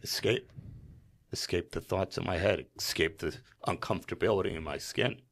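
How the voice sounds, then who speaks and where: A man from New Jersey, a podcast guest, telling a story in earnest, animated style with frequent fillers. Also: sits low, normal speed. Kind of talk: emotional storytelling in conversation.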